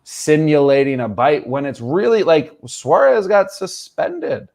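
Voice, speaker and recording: A man's voice: fairly high pitch, expressive, unhurried, creaky, darkish tone. Blunt, cursing American man. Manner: blunt, swears freely, talks back to chat. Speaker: fan show host. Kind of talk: casual football chat.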